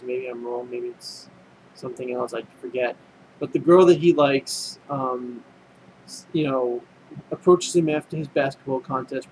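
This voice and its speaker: A man's voice: medium pitch, a little hiss or hum, low-quality recording. A man casually recapping an anime episode, rambling and full of fillers and restarts. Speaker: anime reviewer.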